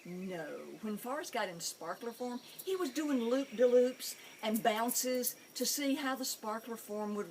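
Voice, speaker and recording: Animated woman telling pet stories. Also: mid-range voice, a little hiss or hum. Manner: animated, amused storytelling. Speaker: pet psychic show host. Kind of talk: storytelling monologue.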